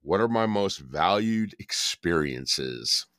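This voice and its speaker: Deep husky guy on a podcast, rambly dry jokes, sick voice, dead dry sound. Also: expressive, slow, a bit bright, no room sound. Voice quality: rough, husky voice. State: recovering from covid, foggy. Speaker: podcast co-host. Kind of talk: casual chat and devotional reading.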